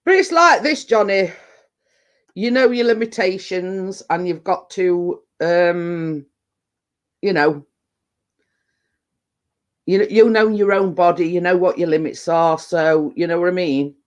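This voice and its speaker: A middle-aged woman chats casually on her vlog in a lowish voice, speaking slowly with long pauses. She tells stories in a rambling way, full of fillers and restarts.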